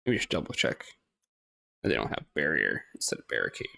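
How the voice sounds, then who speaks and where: A man's voice: rumbling low, huge pitch swings, fast, vocal fry, sharp tone, dry recording. A man casually talking through a game, hesitant and rambling, laughing often and swearing now and then. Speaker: gaming streamer. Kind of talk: casual gameplay commentary.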